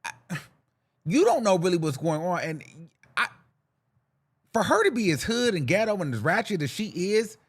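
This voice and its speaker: A man's voice: high voice, moderate pace, pauses often, slightly rough. A young man hosting a podcast, giving sassy, campy celebrity gossip commentary to himself. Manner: animated, sassy, campy slang, talks to himself. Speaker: podcast host.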